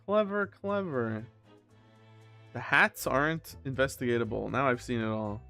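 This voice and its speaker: A man with a brisk, gravelly, mid-range voice, pushed and bright, streams a game over soft background music. He voices the in-game dialogue, kids around, and fixes his own slip-ups in relaxed commentary.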